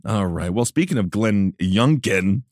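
A man's voice: lowish voice, expressive, takes it slowly, darkish tone, dry recording, studio quality. A man hosting a podcast, giving sarcastic, joking political commentary with plenty of filler words. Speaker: podcast host. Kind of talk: comedic political chat.

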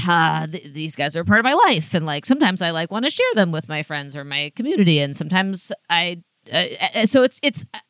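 A woman's voice: fairly low pitch, expressive, brisk, fairly bright tone, dry recording. A woman co-hosting a podcast, chatting casually and rambling with lots of fillers and restarts. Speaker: podcast co-host. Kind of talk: casual gossip chat.

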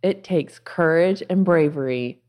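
A woman's voice: deep voice, a little slow, a little mellow. A woman guest in a conversation, giving earnest spiritual advice in short reflective phrases. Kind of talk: casual conversation.

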